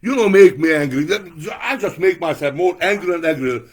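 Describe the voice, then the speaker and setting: A man giving an angry, profane political rant to camera, breaking into shouted outbursts. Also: on the high side, normal speed.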